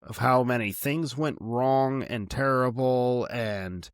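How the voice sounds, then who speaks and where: A man co-hosting a film podcast in casual chat, animated and laughing often, talking in long run-on thoughts. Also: mid-range voice, slow pace, clean tone, dry recording, clean studio sound. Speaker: podcast co-host.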